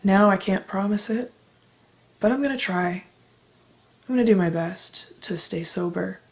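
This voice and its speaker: A woman's voice: mid-range voice, unhurried. A young woman from Canada talking candidly in a personal vlog, emotional and heartfelt, swearing casually as she speaks. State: emotional, close to tears. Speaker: vlogger.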